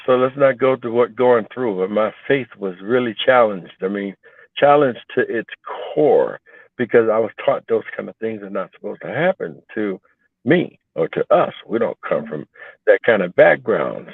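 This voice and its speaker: A man hosting a call-in show who speaks calmly and quotes scripture. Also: lowish voice, no echo. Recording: dry tinny phone-like sound.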